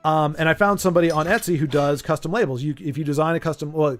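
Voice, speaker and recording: A man's voice: on the high side, fast talker, soft background music. A man streaming a card game playtest, chatting in a playful, rambling way and laughing easily. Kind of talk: casual chat while playtesting a card game.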